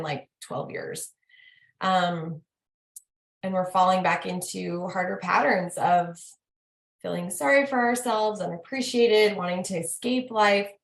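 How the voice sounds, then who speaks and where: A woman hosting a casual talk, chatting in an animated way and quizzing herself with repeated questions. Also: on the low side, creaky. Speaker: host. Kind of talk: casual chat. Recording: roomy echo.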